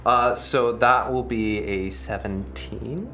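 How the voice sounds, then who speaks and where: A man playing a tabletop game, speaking in an unhurried, hesitant way. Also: medium pitch, steady tone. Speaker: player. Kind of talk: casual game chat.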